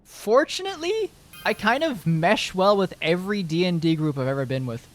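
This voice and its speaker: Rambling young male streamer, slightly high voice. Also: expressive, a little fast. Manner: rambling, full of fillers, restarts and swearing. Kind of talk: casual chat to stream viewers.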